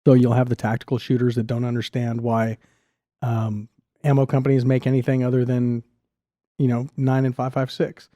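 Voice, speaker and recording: Podcast guest, middle-aged man: eager and quick, mellow tone, dry sound. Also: mid-range voice, monotone, no echo. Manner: enthusiastic, talks fast with restarts. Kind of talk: casual podcast chat.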